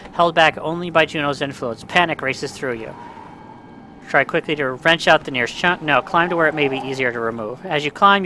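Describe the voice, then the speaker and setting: Bright-voiced man reading game dialogue. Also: a little high, a little hiss or hum. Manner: reads every part in his own voice, breaks into angry outbursts at glitches. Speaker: let's play gamer.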